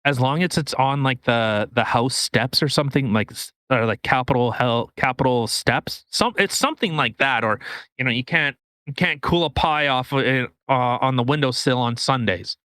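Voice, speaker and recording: A man's voice: mid-range voice, normal speed, clear, resonant tone, no room sound, clean studio sound. A man co-hosting a podcast, ranting casually and profanely with many restarts. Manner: animated, profane, rambling with restarts. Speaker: podcast co-host. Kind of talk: casual political rant.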